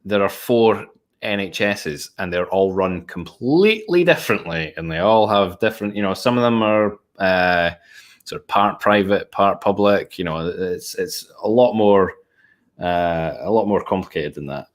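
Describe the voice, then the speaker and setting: A very deep-voiced man in loose conversation. He rambles and restarts, with plenty of fillers and some swearing. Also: normal speed. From Scotland. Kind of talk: casual conversation.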